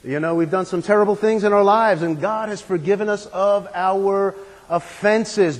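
Man, sermon, high voice, earnest, emphatic, asks questions, long hall reverb. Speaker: preacher.

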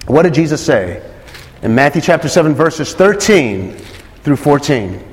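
High-voiced man preaching with long reverb. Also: very animated, a little slow. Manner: emphatic, repeats phrases, asks listeners questions. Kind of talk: sermon.

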